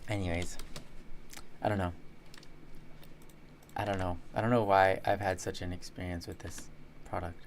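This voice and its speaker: A woman's voice: rumbling low, steady tone, moderate pace, pauses often, a little hiss or hum. A laid-back American woman from Michigan chatting on a stream and reading chat aloud. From Michigan, USA. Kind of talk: casual chat.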